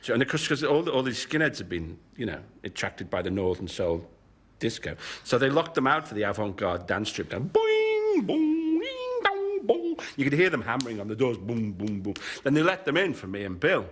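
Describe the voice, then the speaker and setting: A man's voice: medium pitch, big pitch swings, fast talker, fairly bright tone, husky. A man, a comedian, speaking reflectively in an interview, hedging with "you know" and throwing in sound effects. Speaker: comedian guest.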